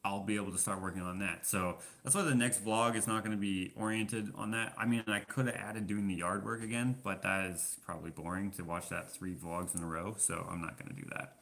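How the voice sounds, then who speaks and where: A man's voice: low voice, fairly even intonation, brisk, vocal fry, few pauses, fairly bright tone. A man from Canada chatting casually in a question-and-answer vlog, telling rambling stories full of fillers. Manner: rambling storyteller, many fillers. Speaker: vlogger.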